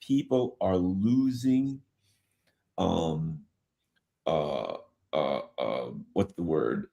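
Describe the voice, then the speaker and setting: A man hosting a political talk show, talking conversationally and walking through numbers. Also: mid-range voice.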